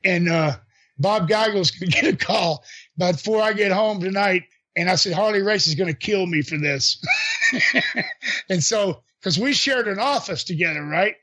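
An older man with a notably high voice spins casual stories from his wrestling days. He jumps into quoted dialogue, chuckles along the way, and keeps the telling animated and unpolished. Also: normal speed. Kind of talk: casual storytelling.

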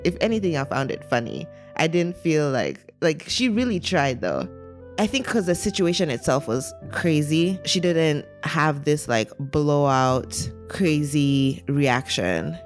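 A woman telling a personal story in a casual, animated, dramatic way, with many "like" fillers. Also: low-pitched, a little slow, soft background music. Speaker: guest storyteller.

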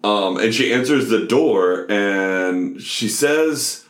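A man's voice: lowish voice, expressive, slow pace, reverberant, a little hiss or hum. A man co-hosting a podcast, chatting casually about a film with many fillers and the odd swear. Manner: rambling, profane, many fillers. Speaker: podcast co-host.

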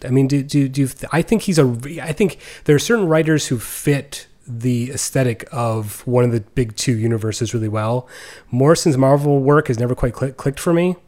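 A man's voice: mid-range voice, a little mellow. Thoughtful man in casual podcast chat. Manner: thoughtful, hesitant, with restarts. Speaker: podcast co-host.

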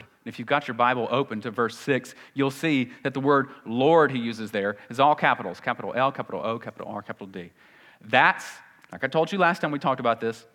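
Southern guy preaching, earnest, chatty asides, mid pitch. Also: fairly bright tone. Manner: earnest preaching, conversational asides, jumps high for quoted voices. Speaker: pastor. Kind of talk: sermon.

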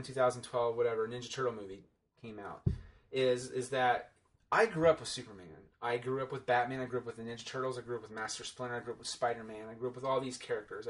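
A man's voice: mid-range voice, a bit bright. A man giving a casual, rambling and sarcastic film review, full of fillers and restarts.

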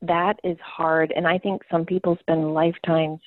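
A woman's voice: sits low, little pitch movement, moderate pace, dry recording. A woman talking candidly in a casual conversation, telling personal stories. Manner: candid storyteller. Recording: tinny phone-line sound.

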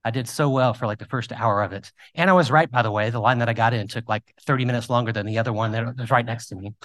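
A male pastor preaches in a mid-range voice. He tells self-deprecating stories from his own life, slips into casual asides, and gets animated in the funny parts before settling back into gentle exhortation. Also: medium pitch, quick pace. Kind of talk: sermon with personal stories.

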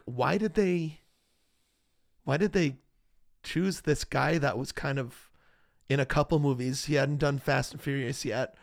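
A man hosting a podcast in relaxed, chatty conversation that often trails off into fillers. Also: a little high, gravelly, no room sound, studio quality. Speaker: podcast host. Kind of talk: casual chat.

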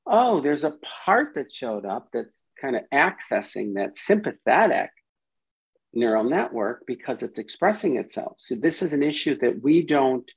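A man's voice: medium pitch, sing-song, moderate pace, slightly rough, rough recording. A man, a psychiatrist guest on a podcast, explaining with animation and acting out inner voices as quotes.

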